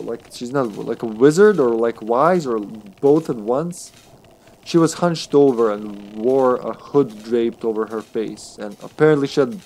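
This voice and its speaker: A man streaming a text game, narrating it aloud with chatty, jokey asides. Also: medium pitch. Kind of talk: casual game narration with commentary.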